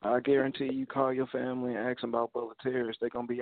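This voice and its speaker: A man from Alabama with an Alabama twang, a rapper guest talking casually in laid-back slang and giving shout-outs. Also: mid-range voice, flat delivery, quick pace, dry recording. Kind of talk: casual interview over a call. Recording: tinny phone-like call audio, dry.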